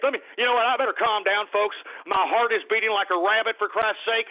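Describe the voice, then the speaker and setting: A man hosting a talk radio show, ranting furiously with shouts, curses and heavy sighs. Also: sits high, fairly quick, hardly any pauses. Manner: furious, shouting and swearing, then sighing to calm down. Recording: tinny phone-like radio audio.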